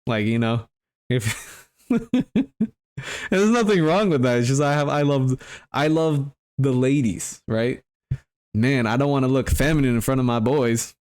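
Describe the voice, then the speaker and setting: A man's voice: mid-range voice, measured pace, darkish tone. A man hosting his own show, talking loosely in a rambling, joking monologue with some swearing. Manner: loose, joking and profane, often trailing off into asides. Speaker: vlogger host.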